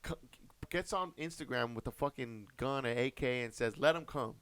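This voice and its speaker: A man's voice: mid-range voice, moderate pace, fairly bright tone, clear, resonant tone, dry recording. A young man co-hosting a podcast, telling a long story in a casual, rambling, profane way. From Monterey Park, Los Angeles. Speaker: podcast co-host.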